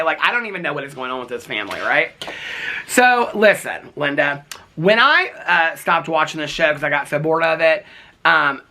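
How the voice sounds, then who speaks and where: A chatty man dishes on reality TV in a sassy, gossipy rant. His voice sits a little high and sounds bright and sharp. He keeps checking in with the listener as he goes. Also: big pitch swings, normal speed. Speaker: reality TV commentator. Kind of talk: casual gossipy commentary.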